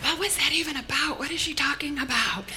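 A woman pastor preaching a lively sermon, playful and animated, calling on the congregation to respond. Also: high voice, fairly quick, a crowd in the background.

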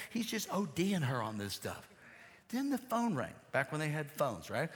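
A man's voice: a little high, huge pitch swings, normal speed, husky. A man preaching a sermon, telling a folksy story and talking straight to his congregation. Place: church sanctuary. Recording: long hall reverb.

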